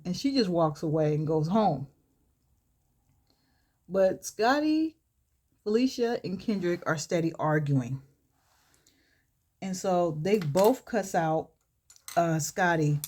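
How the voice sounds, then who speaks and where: Chatty woman vlogger, lower voice. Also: expressive, takes it slowly, long pauses, darkish tone. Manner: chatty, laughs often, gushing exclamations. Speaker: beauty vlogger and author. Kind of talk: storytelling during a makeup tutorial.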